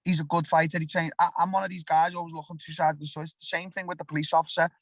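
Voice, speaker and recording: A man's voice: on the high side, little pitch movement, racing, dry recording. A young man with a Liverpool accent, a fighter talking bluntly and animatedly in an interview, often restarting his sentences. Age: young adult. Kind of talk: casual interview talk.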